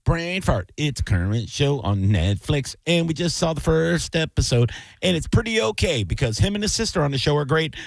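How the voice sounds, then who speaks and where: A married man hosting a radio aftershow, chatting in a casual, jokey way and exclaiming loudly when surprised. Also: a little high, very animated, fairly quick, creaky, hardly any pauses, no echo, clean studio sound. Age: adult, married. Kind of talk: casual on-air banter.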